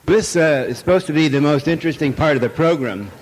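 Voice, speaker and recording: Fast and expressive, his voice pitched a little high, an older man gives a public lecture that wanders all over the place. He jokes irreverently and uses plenty of fillers for the live audience. Echo from the large lecture hall and faint noise are audible.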